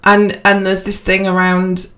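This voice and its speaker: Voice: mid-range voice, monotone, measured pace, fairly bright tone. A podcast co-host chatting casually and rambling, with lots of fillers and restarts, self-deprecating. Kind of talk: casual chat.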